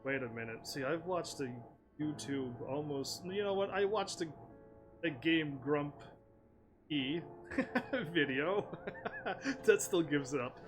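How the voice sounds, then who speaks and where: A man's voice: on the high side, lively intonation, takes it slowly, long pauses. Playful man streaming a game. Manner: playful, laughs often, reads game lines aloud. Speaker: gaming streamer. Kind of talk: casual let's-play commentary, reading dialogue aloud. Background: game music.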